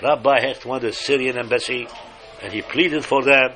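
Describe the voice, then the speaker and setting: An older man from Morocco, giving an animated, emphatic storytelling sermon and slipping Hebrew phrases into his English. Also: mid-range voice, normal speed, soft background music. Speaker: speaker giving a religious talk.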